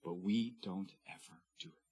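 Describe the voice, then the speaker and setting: A man in his thirties preaching a sermon as pastor, swinging from loud, declaimed scripture readings to hushed, intimate asides. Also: low-pitched, moderate pace, husky, soft background music.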